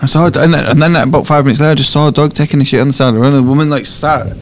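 A man talks quickly and bluntly, swearing freely as he banters with a mate. His tone is casual, with faint noise in the background. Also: a little high, steady tone. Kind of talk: casual chat.

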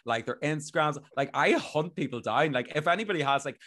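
A man's voice: fairly high pitch, lively intonation, brisk, fairly bright tone. A young man, hosting a podcast in casual chat, talking loosely with lots of fillers and laughing easily. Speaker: podcast host.

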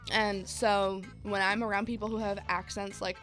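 A woman's voice: medium pitch, little pitch movement, normal speed, a bit bright, soft background music. Chatty young Midwestern woman. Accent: Midwestern American. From Indiana, USA. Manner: chatty, laughs often. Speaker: radio co-host. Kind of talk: casual radio chat.

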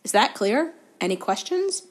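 A woman reading aloud and voicing a driven teenage boy team captain who is quick to anger, talking forcefully and indignantly in a raised, higher voice. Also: big pitch swings. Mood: stern.

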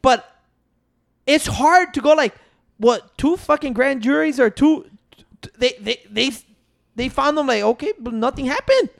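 A man's voice: very high voice, lively intonation, unhurried, creaky, pauses often. A man, co-hosting a casual, profane debate and insisting on finishing his point through interruptions. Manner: insistent, keeps restarting to hold the floor. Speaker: podcast co-host.

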